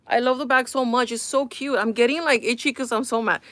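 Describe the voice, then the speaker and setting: Young woman, live-stream host, bit high-pitched, exasperated and chatty with viewers. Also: a little fast, no echo. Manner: exasperated, animated, talks to viewers. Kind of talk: casual live-stream chat.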